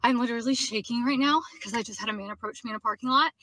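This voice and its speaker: Shaken woman, bright high voice. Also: rapid-fire, no echo. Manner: agitated, breathless retelling. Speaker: woman in a social media video. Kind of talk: shaken personal story to camera.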